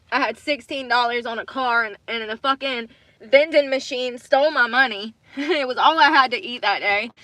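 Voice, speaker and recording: High bright-voiced woman venting and cussing on a livestream, dry close sound. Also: dry recording. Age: adult with children. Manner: angry, swearing, repeating herself. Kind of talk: emotional livestream rant. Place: in her car.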